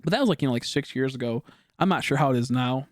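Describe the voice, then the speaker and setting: A man's voice: medium pitch, lively intonation, fast, no room sound, clean studio sound. A man streaming, chatting casually with viewers in a rambling way, with lots of filler words and frequent swearing.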